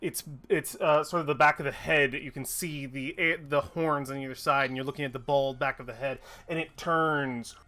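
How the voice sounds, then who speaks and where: A man narrating as game master of a tabletop game, describing scenes in a measured way with occasional searching pauses. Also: mid-range voice, fairly even intonation, bright, forceful tone.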